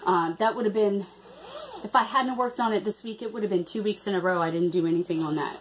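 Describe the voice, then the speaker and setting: A woman's voice: mid-range voice, fast, a little hiss or hum. A woman chatting casually in a craft vlog, hesitant with many ums and restarts. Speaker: cross-stitch vlogger.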